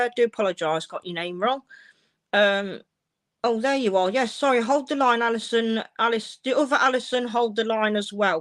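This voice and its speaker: A woman with a voice on the high side gives a reassuring psychic reading as a medium doing live, streamed sessions. She sounds warm and uses endearments like "darling" and "my love."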